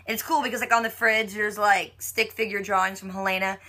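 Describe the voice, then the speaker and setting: A woman's voice: medium pitch, flat delivery, brisk, hardly any pauses, sharp tone. A woman giving a casual, chatty recap of a TV episode, full of "like" and playful mock quotes of the characters. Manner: chatty, heavy use of "like".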